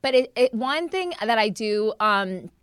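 A woman's voice: fairly high pitch, animated, unhurried, clear, resonant tone, no room sound, studio quality. A young woman from New Jersey hosting a podcast, chatting casually, swearing now and then and restarting her sentences. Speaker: podcast host. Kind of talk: casual chat.

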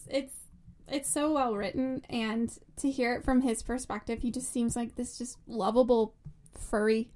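A woman's voice: a little high, darkish tone. A woman co-hosting a casual book podcast, enthusiastic and rambling, often giggling. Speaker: podcast co-host.

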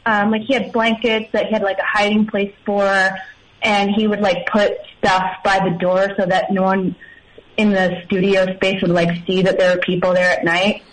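A woman's voice: medium pitch, little pitch movement, normal speed, rough recording. A woman calling in to a radio show, telling a story hesitantly with lots of fillers. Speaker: caller. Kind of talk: casual phone chat.

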